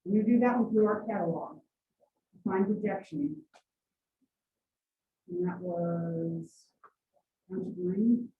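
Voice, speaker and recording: A woman instructor teaching a college class, brisk and teasing as she coaxes answers from her students. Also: fairly low pitch. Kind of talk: classroom lecture with questions. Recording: distant echoey classroom on tinny mic.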